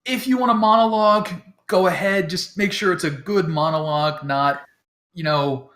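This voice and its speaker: A man's voice: high-pitched, steady tone, moderate pace, a bit bright. Guy as game master going over rules, talks a lot, pokes fun at himself, lots of ums. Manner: talkative and self-deprecating, with many fillers. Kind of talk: casual rules explanation.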